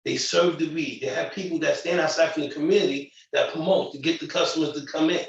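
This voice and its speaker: A man's voice: a little high, fairly even intonation, fast talker, hardly any pauses. A man living at a shelter speaks out at a community meeting, upset and close to tears, pleading emotionally. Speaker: shelter resident speaking at public comment. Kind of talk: impassioned public comment. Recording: muffled echoey room audio from far off.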